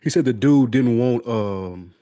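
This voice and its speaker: A man's voice: mid-range voice, a little slow, warm tone, no echo, studio quality. A man co-hosting a podcast, laid-back in casual chat and steering the conversation to the next topic. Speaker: podcast co-host.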